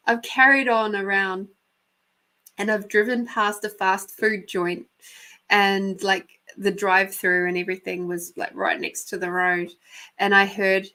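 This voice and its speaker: Slow-talking Australian woman, laughing often. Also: mid-range voice, flat delivery, pushed and bright. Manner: chatty, laughs often, swears casually. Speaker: host and intuitive reader. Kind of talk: live psychic reading and storytelling.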